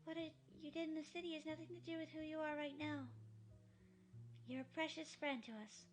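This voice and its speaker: A woman voicing a small girl who speaks gently and soothingly in a visual novel fan dub. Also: sits high, flat delivery, brisk, faint music behind, close to an everyday voice. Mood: gentle.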